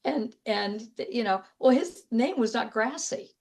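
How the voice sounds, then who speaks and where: A middle-aged woman comedian telling stories as an interview guest, lively and wisecracking, laughing easily as she talks. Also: on the high side, a little slow. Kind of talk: casual storytelling interview.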